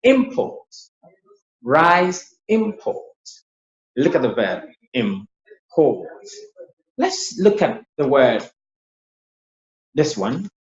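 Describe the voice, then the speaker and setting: A man's voice: medium pitch, very animated, takes it slowly, long pauses. A man tutoring English pronunciation in an online lesson. He explains patiently and often repeats his words. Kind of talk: online lesson with screen sharing. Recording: roomy, dull lo-fi sound.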